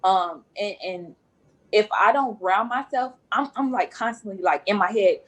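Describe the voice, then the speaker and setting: A woman's voice: mid-range voice, expressive, measured pace, rough recording. A woman nurse speaking as a guest on a podcast, earnest and repeating phrases for emphasis. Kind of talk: podcast interview.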